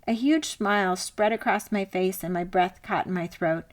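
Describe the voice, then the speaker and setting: Woman reading her memoir aloud. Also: medium pitch. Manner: measured, reflective reading. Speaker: author narrating her memoir. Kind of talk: scripted memoir narration.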